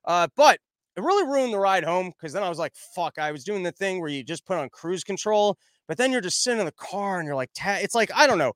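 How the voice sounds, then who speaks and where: A man's voice: high voice, fairly quick, no room sound. A young man hosting a podcast, telling a rambling comic story and acting out the people in it. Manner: rambling, animated, acts out quoted voices. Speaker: podcast host. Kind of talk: casual comedic storytelling.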